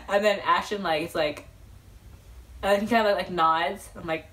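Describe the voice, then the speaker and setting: A young woman telling an excited storytime vlog, rambling and giggly, with lots of fillers and restarts. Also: lowish voice, unhurried. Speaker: vlogger.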